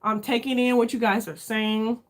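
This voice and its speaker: A woman's voice: a little high, flat delivery, normal speed. Candid woman in her fifties chatting. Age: 50s. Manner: candid, searching, talks straight to viewers with lots of "y'all". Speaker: YouTube beauty creator. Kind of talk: casual live chat with viewers.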